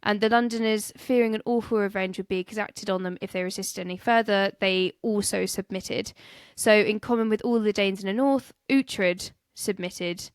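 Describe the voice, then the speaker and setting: A woman's voice: medium pitch, fairly even intonation, moderate pace, hardly any pauses, clear, resonant tone, dry recording, clean studio sound. A woman co-hosting a casual history podcast, joking, laughing and stumbling over names. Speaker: podcast co-host.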